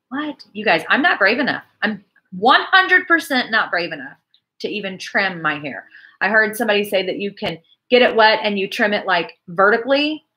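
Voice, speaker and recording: Chatty woman with a bright voice. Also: medium pitch. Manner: chatty, animated, reacts to viewer comments. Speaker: church livestream host. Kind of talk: casual livestream chat reading comments.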